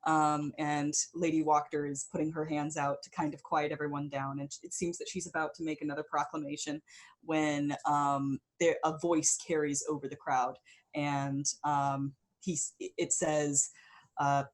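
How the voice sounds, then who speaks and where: Woman game master with a low voice and an easy, filler-heavy narration. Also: flat delivery, moderate pace. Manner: loose and chatty, many fillers.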